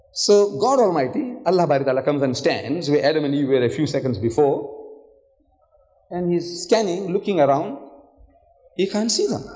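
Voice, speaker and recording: An older man delivers a public lecture in a hotel hall, his fairly high voice swooping up and down as he acts out the voices in his stories. He fires off rhetorical questions at the crowd. His words ring with a long hall echo. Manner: animated storytelling with rhetorical questions; acts out voices in quoted dialogue. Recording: echoey hall reverb.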